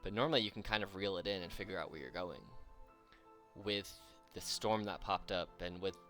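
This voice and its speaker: Game master, male, lowish voice, measured halting narration, faint music underneath. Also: pushed and bright. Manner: slow, halting narration with fillers.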